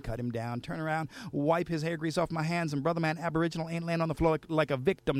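A man's voice: a little high, expressive, fast talker, few pauses, no echo. A man who is a spoken word poet, telling a story in a rhythmic, theatrical way in a radio studio.

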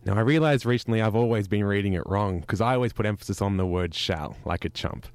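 A man's voice: on the low side, fast talker, no room sound. A man in a radio studio doing a wry, theatrical spoken word piece. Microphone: studio microphone.

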